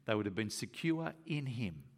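A man preaching a sermon, reading scripture and then explaining it in an animated way, acting out the voices of Jesus and the disciples. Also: fairly low pitch, normal speed.

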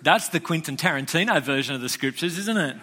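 A man's voice: on the high side, expressive, quick pace, bright, forceful tone. A man preaching a casual, chatty sermon as a pastor, joking with listeners and restarting phrases often.

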